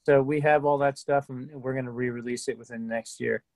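A middle-aged man talks as a guest on a video call, telling stories in an easy, relaxed way. His voice sits in a medium pitch. The sound is dry and close. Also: brisk, dry recording. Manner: laid-back storyteller, frequent restarts. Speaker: guest musician. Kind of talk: casual interview chat.

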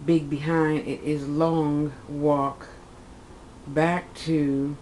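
A woman in her fifties with a lowish voice chats through a long personal story, wandering off track and correcting herself. She plays her own side of conversations with lively bursts. A faint hiss sits under the recording. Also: drawn-out words, low-quality recording. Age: 50s. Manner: rambling, chatty, self-correcting, acts out her own quotes. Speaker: vlogger. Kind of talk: casual personal vlog storytelling.

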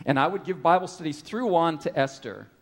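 A middle-aged man preaching a sermon at a camp meeting, telling a story with animated rises and drops. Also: a little high, fairly quick. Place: large hall at a camp meeting. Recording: reverberant hall.

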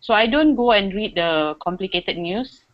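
A woman's voice: medium pitch, expressive, moderate pace, highs cut off. A young woman hosting a casual chat, talking hesitantly with fillers. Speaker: host.

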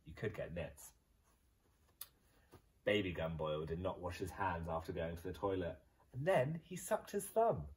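A male primary school teacher from England, reading a children's picture book aloud in an expressive storytelling voice. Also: low-pitched, moderate pace, distant mic, rough recording.

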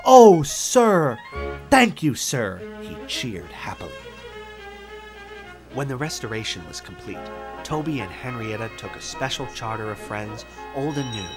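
A man narrates a children's storybook with a lively, expressive voice and a gentle manner. Music plays clearly behind him. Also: on the low side, normal speed.

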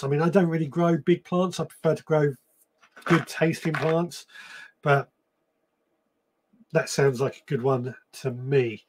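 A man's voice: a little high, darkish tone. A man hosting a live gardening stream, chatting casually and reading out viewer comments, with frequent ums and restarts. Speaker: podcast host.

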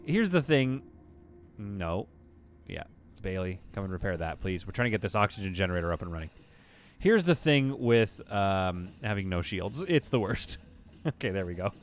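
Man, low voice, live game commentary, exasperated, self-mocking, faint music behind. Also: expressive, normal speed. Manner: exasperated, self-mocking play-by-play with sudden outbursts. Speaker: game streamer.

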